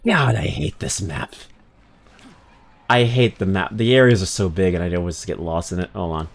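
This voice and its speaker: A man streaming a video game, giving rambling, casual commentary full of crude jokes and quick asides. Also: low-pitched, gravelly. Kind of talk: casual let's-play commentary.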